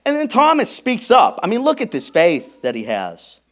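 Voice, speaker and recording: A man preaching a sermon as pastor, emphatic, moving from hushed, intimate lines to loud, stressed ones. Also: high-pitched, wildly swooping pitch, moderate pace. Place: church.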